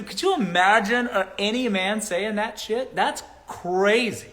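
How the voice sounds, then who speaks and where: A man's voice: high-pitched, measured pace, few pauses, a bit bright. A man giving blunt dating advice on a casual live stream, mocking and laughing at his own points while reading chat.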